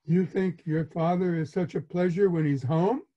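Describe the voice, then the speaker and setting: A man's voice: on the high side, normal speed, natural voice. A man reading aloud and voicing his complaining, guilt-tripping mother in a raised, sarcastic tone, on a dull lo-fi recording. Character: martyred, complaining middle-aged mother.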